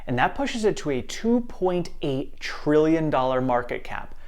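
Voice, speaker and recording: A man's voice: on the high side, sing-song, measured pace, a little mellow. Upbeat man hosting a stock-market talk. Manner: upbeat, reassuring, talks straight to viewers. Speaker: stock market channel host. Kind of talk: casual investing commentary.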